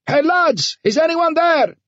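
A man's voice: a little high, a little slow, slightly rough, dry recording, lo-fi sound, voice pushed up. A man voicing a frightened, shaken tunnel survivor. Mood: frantic. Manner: shaken, pleading, bursts into frantic yelling. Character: frightened young man fleeing dark tunnels.

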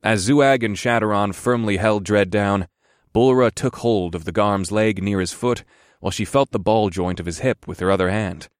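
A man narrating a fantasy audiobook in the first person, measured with a wry edge. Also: on the low side, clean tone, no echo, clean studio sound.

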